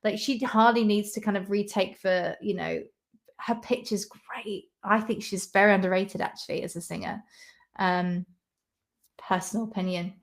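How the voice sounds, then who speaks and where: A woman's voice: mid-range voice, fairly even intonation, normal speed, gravelly. A young British woman chatting casually on a livestream, reading out viewer comments, rambling and laughing often. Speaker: YouTuber reading live chat.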